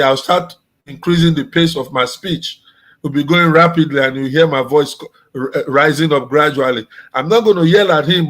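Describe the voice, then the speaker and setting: A man's voice: a little high, poor audio. A man, a guest and pastor, telling a story in casual discussion, repeating his phrases.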